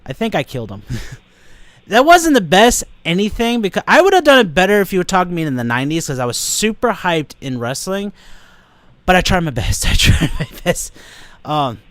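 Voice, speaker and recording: Male podcast host, high-pitched and very lively; joking, swears freely, dry close sound. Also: brisk, dry recording. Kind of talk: casual podcast chat.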